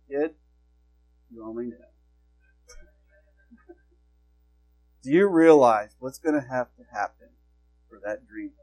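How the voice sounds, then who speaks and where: A man's voice: medium pitch, a little mellow, rough recording. A male pastor preaching a sermon in an earnest, exhorting way, asking his congregation questions.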